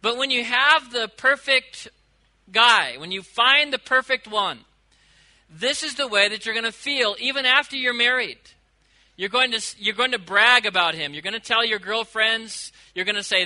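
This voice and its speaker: Male pastor, high voice, very bright tone, animated sermon delivery, loud then hushed. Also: rough recording. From United States. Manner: animated, swings from loud emphasis to quiet asides, drawn-out quotes.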